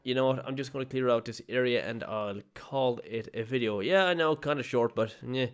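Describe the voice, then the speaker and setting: A man's voice: medium pitch, brisk, smooth. Casual, self-mocking male gamer. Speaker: gaming channel host. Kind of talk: let's play commentary. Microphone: desk mic with webcam.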